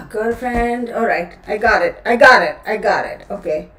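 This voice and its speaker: A woman's voice: medium pitch, normal speed, recorded from a distance, background noise. A woman with a Texan accent hosting a tarot livestream in a chatty, rambling way, often breaking off mid-thought and calling her viewers "y'all". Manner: chatty, self-interrupting, addresses viewers as y'all. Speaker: tarot reader, channel host. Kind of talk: casual livestream chat. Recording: roomy, a bit off-mic.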